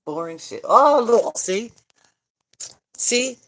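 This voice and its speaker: A woman's voice: a little high, sing-song, slow, a bit bright. A middle-aged woman chatting casually on a livestream, joking, rambling and answering viewer comments as she goes. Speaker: vlogger, grandmother. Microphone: phone.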